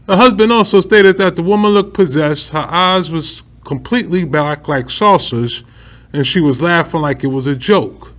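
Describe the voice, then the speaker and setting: Slangy guy w/ aave doing news talk, higher voice, laughs a lot, super animated. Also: moderate pace. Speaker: news commentary host. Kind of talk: casual news commentary.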